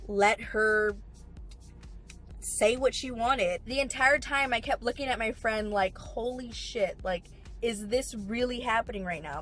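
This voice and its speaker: A woman's voice: fairly high pitch, a bit bright, poor audio. A young woman telling a storytime vlog, emphatic and swearing as she rants. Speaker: vlogger.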